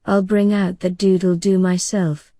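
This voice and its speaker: A woman voicing a menacing male pirate captain in a soft bedtime audiobook reading, with a purring, courteous menace. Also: lowish voice, level tone, unhurried, no echo, studio quality. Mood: silky menace.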